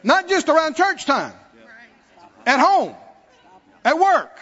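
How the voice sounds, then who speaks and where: A man's voice: very high-pitched, huge pitch swings, slow pace, fairly bright tone, some chatter behind. A man preaching a sermon who calls out to the congregation and mockingly acts out worried believers. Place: church sanctuary. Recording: dull lo-fi recording with long hall reverb.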